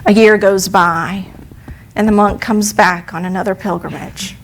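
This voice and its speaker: A woman's voice: mid-range voice, fairly even intonation, measured pace, rough recording. A woman telling a parable in a sermon, in a conversational way, asking her congregation questions. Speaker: speaker at a church service. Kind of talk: sermon storytelling.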